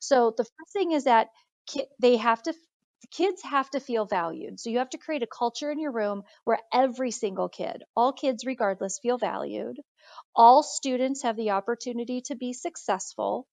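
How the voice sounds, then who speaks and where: A woman's voice: fairly high pitch, moderate pace, gravelly, darkish tone, no echo. A woman guest on an interview, an instructional coach, explaining her points earnestly and methodically. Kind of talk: casual interview chat.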